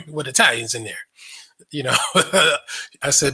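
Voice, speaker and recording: A man's voice: mid-range voice, normal speed, long pauses, bright, forceful tone, husky. A man hosting a casual commentary monologue, blunt and sarcastic, swearing freely and laughing often. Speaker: online show host.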